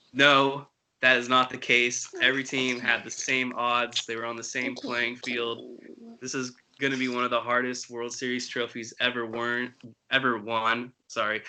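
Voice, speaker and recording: Brief: male sports podcast host, even and level, crisp bright tone. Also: medium pitch, poor audio. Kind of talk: casual sports chat.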